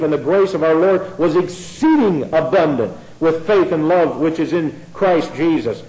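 A man's voice: on the high side, animated, moderate pace, darkish tone, low-quality recording. A man giving a sermon-style Bible study, explaining in a conversational way, often restarting his sentences and spelling out words letter by letter. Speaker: Bible teacher.

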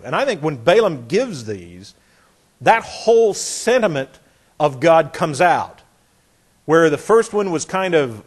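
A man's voice: fairly high pitch, very animated, unhurried, breathy edge. Folksy man teaching a Bible lesson. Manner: folksy, emphatic, acts out voices, chuckles.

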